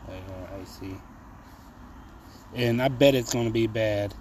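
A man's voice: on the low side, takes it slowly, darkish tone, slight background noise. A man hosting his own podcast from home, ranting casually with heavy swearing and mocking asides. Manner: profane, heated ranting, mocking. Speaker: podcast host. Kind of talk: casual solo rant. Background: cars passing outside.

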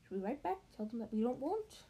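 A woman voicing a fretful middle-aged aunt with a quivering, shrill voice. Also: very animated, fast talker, mellow.

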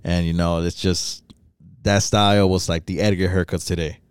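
Socal dude on a podcast, lowish smooth voice, swears a lot, laughs a bunch. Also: male voice, little pitch movement, moderate pace, dry recording, studio quality. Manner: laid-back, profane, laughing often. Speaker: podcast co-host. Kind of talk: casual podcast banter.

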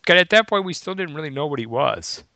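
A man with a gravelly, fry-laden voice chatting on a podcast. He sounds relaxed and agreeable, working through his thoughts aloud. The recording is dry and close. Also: a little high, fast talker, no echo. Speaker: podcast co-host. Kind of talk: casual chat.

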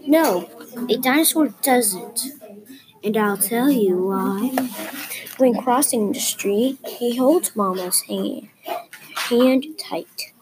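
A woman reading a children's picture book aloud in a careful, measured way. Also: on the high side, crowd noise, rough recording. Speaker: story reader.

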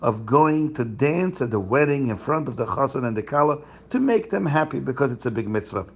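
Brief: a man as an earnest pious rabbi, gravelly voice. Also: medium pitch, animated, brisk.

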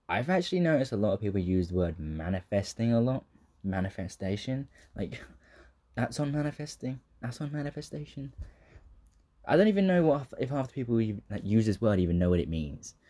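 A man's voice: on the low side, darkish tone. Laid-back young southern English man. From southern England. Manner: swears freely, laughs often, trails off into tangents. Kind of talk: casual rambling monologue.

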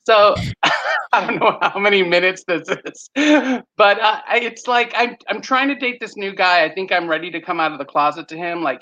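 A man from Texas doing an animated stand-up comedy set on a podcast, throwing in shouted voices for punchlines. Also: sits high, normal speed. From Texas, USA. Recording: slightly muffled podcast audio.

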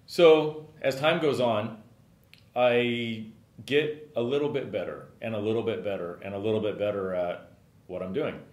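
Low-voiced man telling stories in a roomy space. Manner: rambling, frequent "you know" fillers. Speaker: podcast host and business owner. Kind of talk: casual storytelling. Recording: roomy echo.

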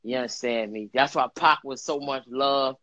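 A man's voice: medium pitch, normal speed, pushed and bright, dry recording, dull audio. A man from Brooklyn with a New York accent, talking emphatically in casual chat and repeating himself for stress.

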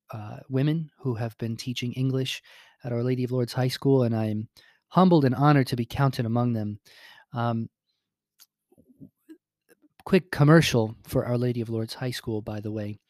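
A man's voice: mid-range voice, steady tone, measured pace, pauses often, darkish tone, no echo, studio quality. A young man, a priest and school chaplain, giving a chatty spoken update full of ums and little asides.

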